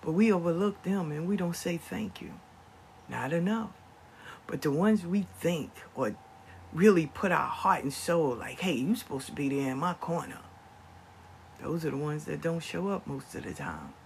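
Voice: mid-range voice, normal speed. Older grandparent vlogging, telling a story, voice jumps all over, faint noise in back. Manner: animated, acts out family members' voices. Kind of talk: storytelling monologue.

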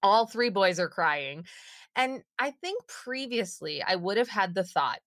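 A woman in her thirties telling a story as a podcast guest, lively and animated, with her voice leaping up as she acts out what was said. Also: a little slow, no room sound, clean studio sound. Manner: animated, acts out quotes with big pitch jumps. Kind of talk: casual interview storytelling.

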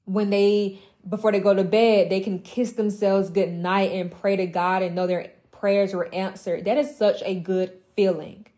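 A woman's voice: mid-range voice, steady tone, a little slow, few pauses, dark tone. A young woman mentoring other women in an impassioned motivational monologue, emphatic and blunt, with profane, mocking asides.

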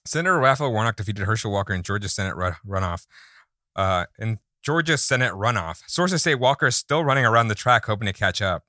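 A man with a fairly low, bright voice reads comedy jokes deadpan in a casual group chat. The sound is close and dry. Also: brisk, no echo. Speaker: comedy writer pitching jokes. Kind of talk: casual writers' room chat.

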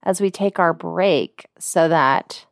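A woman co-hosting a podcast in casual chat, chatty and quick with asides as she reads names and notes aloud. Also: fairly low pitch, gravelly, no room sound, studio quality. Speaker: podcast co-host.

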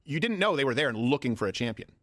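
Male interviewer, quick probing questions, dry close mic. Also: medium pitch, sing-song, a bit bright, dry recording.

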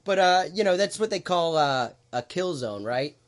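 A man hosting a podcast, explaining things in a relaxed, halting way with lots of fillers. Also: a little high. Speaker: podcast host. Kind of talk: casual podcast chat.

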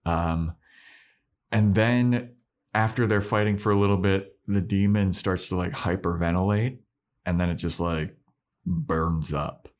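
A man co-hosting a podcast, casually recapping a TV episode and acting out characters' lines. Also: measured pace. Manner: animated retelling, acts out lines in high falsetto voices. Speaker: podcast co-host.

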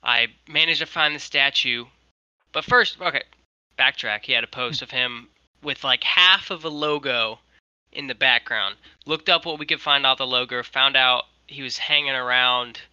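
A man's voice: medium pitch, moderate pace, clean tone, no echo, lo-fi sound. A young man, a guest on a video call, telling a long story in casual chat with lots of "like" fillers. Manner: animated, many "like" fillers. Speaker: guest, merch maker.

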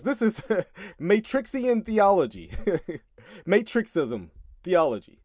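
A man's voice: fairly high pitch, no room sound, studio quality. A man casually commenting on a sermon clip, exasperated and emphatic, often laughing in disbelief.

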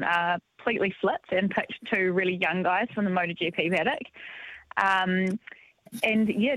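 A woman's voice: mid-range voice, dry recording. Woman radio pundit, keen and chatty, lots of ums, muffled dry line. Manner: enthusiastic, lots of ums and yeahs. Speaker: motorcycle racing pundit. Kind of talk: casual radio sports chat.

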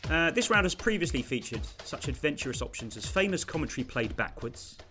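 A man's voice: a little high, sing-song, a little fast, pushed and bright, faint music behind. A man hosts a podcast quiz over a video call, upbeat and wry, laughing between rules and scores. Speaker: quiz host.

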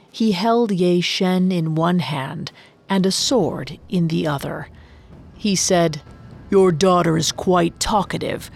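A woman narrating a story in a slow, dramatic storytelling manner. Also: on the low side, a little mellow.

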